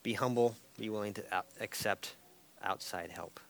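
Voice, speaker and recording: A man with a lowish voice leads a Bible class in a church room. He teaches conversationally and keeps checking in with "right?" and a soft chuckle. A faint hiss sits under the recording. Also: moderate pace. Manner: tags points with "right?" and light chuckles.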